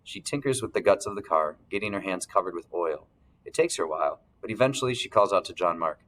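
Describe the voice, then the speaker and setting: A man reading a first-person novel aloud as narrator, steady, clearing his throat now and then. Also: low-pitched, fast talker, slight background noise, rough recording. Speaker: audiobook narrator.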